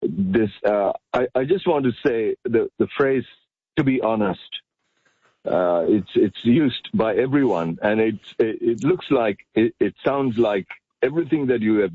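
A man calling in to a radio show, speaking hesitantly with many pauses. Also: on the low side, breathy edge, dry recording. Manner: hesitant, halting. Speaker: caller. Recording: tinny phone line.

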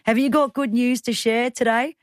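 A woman's voice: on the high side, steady tone, normal speed, no echo, studio quality. A woman in her thirties with an Australian accent, hosting talkback radio in a chatty way with self-deprecating asides. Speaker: radio host.

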